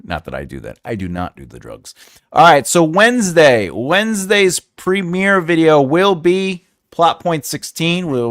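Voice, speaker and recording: Animated, jokey man in his forties. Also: on the high side, clear, resonant tone. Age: 40s. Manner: jokey, laughs often, rambling asides. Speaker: writing channel host. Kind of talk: casual livestream chat.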